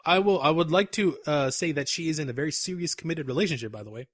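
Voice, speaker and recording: A young man co-hosts a podcast, telling a story in a casual, animated way and breaking into laughter along the way. His voice sits a little higher than most men's. It is recorded dry and close, with no room sound. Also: fast talker, no echo. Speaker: podcast co-host.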